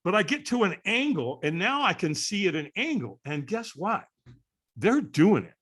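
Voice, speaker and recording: A man in his sixties from California, a podcast guest telling a story in an animated way, acting out the voices of the people in it. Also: high-pitched, normal speed, husky. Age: 60s. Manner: lively storyteller acting out voices, frequent "right?".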